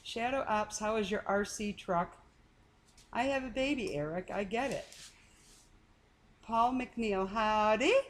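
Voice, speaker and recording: A woman's voice: mid-range voice, slow, pauses often, slight background noise. A woman co-hosting a casual live stream, greeting viewers by name and teasing her husband. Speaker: co-host reading chat.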